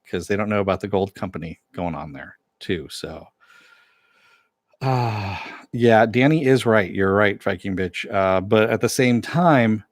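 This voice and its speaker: Low-voiced man recapping a show casually. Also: no room sound. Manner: loose and chatty, retells scenes with swearing asides. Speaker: TV show reviewer.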